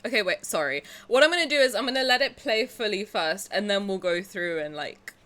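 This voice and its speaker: Excitable, animated woman streamer. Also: mid-range voice, a little fast, faint music behind. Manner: excitable, dramatic, crude jokes. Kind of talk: casual livestream reaction chat.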